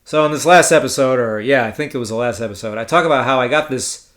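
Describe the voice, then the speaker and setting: A man's voice: medium pitch, quick pace, fairly bright tone. A young adult man hosting a casual solo podcast, telling a story in a sardonic, profane, rambling way and correcting himself as he goes. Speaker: poker podcast host.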